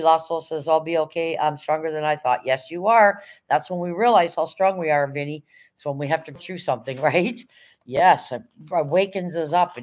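Chatty middle-aged woman streaming live. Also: deep voice. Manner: chatty, rambling, greets viewers warmly by name. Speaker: livestream host. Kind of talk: casual live-stream chat.

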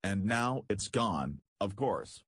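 A man's voice: fairly low pitch, expressive, slow pace, fairly bright tone, husky, no echo, heavily acted. A man voicing an older male spaceman companion who speaks plainly and matter-of-factly. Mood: sober.

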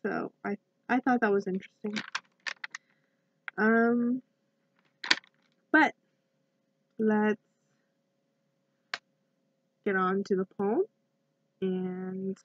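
A young woman giving a college class presentation and reading a poem. Her voice is croaky from a cough, and she talks hesitantly with many ums and restarts. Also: medium pitch, steady tone, extremely slow, pauses often, slight background noise. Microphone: laptop built-in mic. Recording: dull lo-fi laptop audio.

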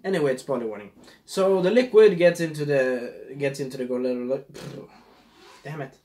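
A man's voice: medium pitch, moderate pace, dark tone. A man casually reviewing a movie, rambling and losing his train of thought, with a scratchy throat.

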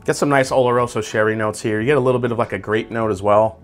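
A man's voice: fairly low pitch, fast talker, soft background music. Man casually reviewing whiskey. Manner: conversational, relaxed, savoring tasting notes aloud. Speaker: whiskey reviewer, channel host.

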